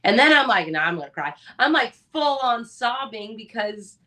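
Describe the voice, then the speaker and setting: A woman's voice: on the high side, sing-song, moderate pace, sharp tone. A woman in her thirties, a mother of four, talking candidly and with animation in a casual chat, swearing now and then. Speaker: podcast co-host.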